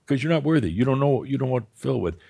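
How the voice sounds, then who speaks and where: A man's voice: mid-range voice, lively intonation, rapid-fire, gravelly, mellow. A man leading a live spiritual workshop with an audience, coaching a participant in a blunt, profane and often laughing way. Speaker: spiritual teacher leading a session.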